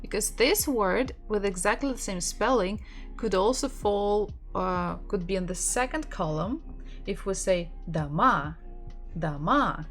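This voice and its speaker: A woman with a Russian accent and an unhurried, mid-range voice teaches an online language lesson, patiently repeating words for her learners. Faint music plays in the background.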